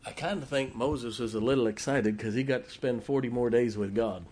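A man preaching a sermon, swinging between quiet asides and forceful scripture reading. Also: mid-range voice, a little slow, slightly rough. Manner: folksy, emphatic, reads scripture aloud with rising force.

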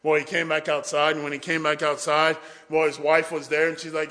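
A man's voice: fairly high pitch, fairly quick, few pauses. A man telling a story in a sermon, acting out the voices of the people in it. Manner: animated storyteller, acts out quotes. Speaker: preacher. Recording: echoey hall.

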